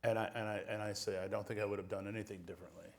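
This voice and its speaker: A man hosting a casual on-stage interview, frank and relaxed, swearing now and then. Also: on the low side, racing, a little hiss or hum. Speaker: host.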